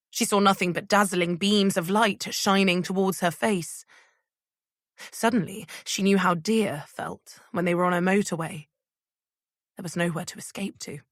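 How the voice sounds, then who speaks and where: A woman reading an audiobook thriller in scripted narration, measured and even. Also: on the low side, no room sound, studio quality.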